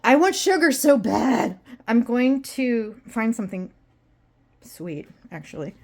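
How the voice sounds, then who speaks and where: A woman's voice: on the high side, sing-song, slow pace, darkish tone. A woman vlogging at home in a rambling, self-deprecating, exasperated way. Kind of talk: casual personal vlog.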